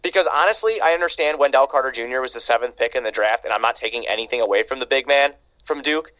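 A man's voice: medium pitch, fast talker, fairly bright tone. A man co-hosting a sports podcast, talking in a laid-back, rambling way. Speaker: podcast co-host. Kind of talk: casual sports talk. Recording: dull lo-fi sound.

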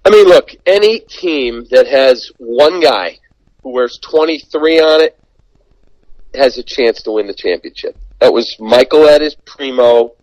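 A man in sports broadcasting, spinning a story and slipping into the voices of the people he quotes. His pitch sits in the middle of the male range. The recording is dry and close, with no room sound. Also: measured pace, no echo, poor audio. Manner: animated anecdote teller, acts out quoted dialogue. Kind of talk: storytelling in a podcast chat.

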